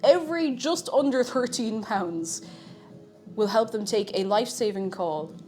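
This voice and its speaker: A woman's voice: fairly high pitch, unhurried, mellow, faint music behind. A woman chatting to her viewers in a casual, self-mocking way while she bakes in her kitchen. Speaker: streamer. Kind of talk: live-stream baking chat. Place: home kitchen.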